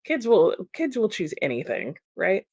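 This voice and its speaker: A woman's voice: medium pitch, wildly swooping pitch, unhurried, darkish tone, dry recording. Casual woman streamer chatting w her viewers, laughs a lot, lots of "like"s, dry close sound. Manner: chatty, laughs often, many "like" fillers. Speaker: livestream host reading chat comments. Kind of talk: casual live chat.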